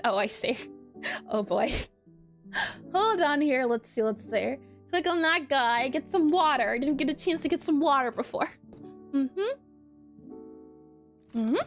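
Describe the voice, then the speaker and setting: A woman's voice: sits high, a bit bright. A woman streaming her pixel art work, chatting casually, talking to herself as she clicks and reading out chat, with faint music behind.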